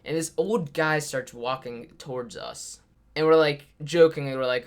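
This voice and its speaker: A man's voice: on the high side, normal speed, clear, resonant tone. A teenage boy telling a story in a casual, rambling way, full of fillers. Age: teens. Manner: rambling, filler-heavy retelling. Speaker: YouTuber.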